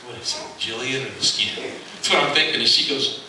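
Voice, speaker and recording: A man's voice: mid-range voice, fairly quick. Earnest man speaking in an echoey hall. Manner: earnest, repeats key phrases, joking anecdotes. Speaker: motivational speaker. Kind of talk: inspirational speech to an audience. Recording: echoey hall from far off, noisy.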